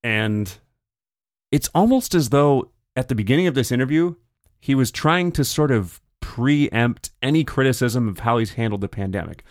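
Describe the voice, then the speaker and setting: Here a male podcast host with a medium-pitched, expressive voice talks casually about politics, often slipping into quick imitated quotes of what others said. There's no room sound at all; it's a clean studio recording.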